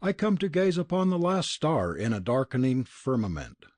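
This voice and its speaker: A man voicing a grave, prophetic sage from the East with a deep, sweet, foreign-accented voice and solemn archaic speech. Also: big pitch swings, normal speed, a little mellow, no echo. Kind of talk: audiobook character reading.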